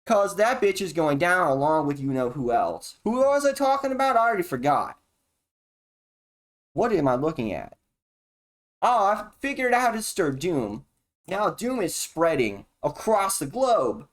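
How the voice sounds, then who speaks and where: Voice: medium pitch, sing-song, measured pace. A streamer talking alone in a rambling, erratic and profane monologue, jumping from topic to topic. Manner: erratic, profane and jumpy, with sudden laughs and exclamations.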